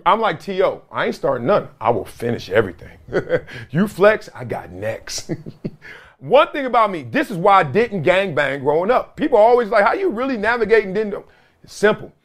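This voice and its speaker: Middle-aged guy hosting his show, kinda high voice, real lively up and down, cocky, laughing a lot. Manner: animated, cocky, laughing often, swings from loud to low. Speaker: show host. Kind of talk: casual commentary reading viewer comments.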